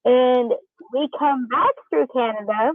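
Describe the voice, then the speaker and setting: A woman's voice: sits high, slow pace, dry recording. A woman co-hosting a casual chat, teasing and laughing often, heard over a tinny phone-like line. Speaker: podcast co-host.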